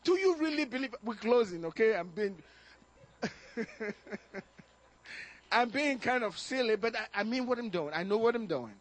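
A male pastor preaching a fervent sermon to his congregation, exhorting them with bursts of shouting and chuckles. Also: extremely high pitch, animated, normal speed, pauses often. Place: church service.

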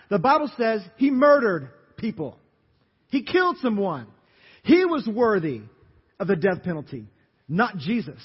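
A man preaching a sermon as pastor, telling the story dramatically and acting out the crowd's shouts. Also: sits high, breathy edge. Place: church sanctuary. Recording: dull reverberant church recording.

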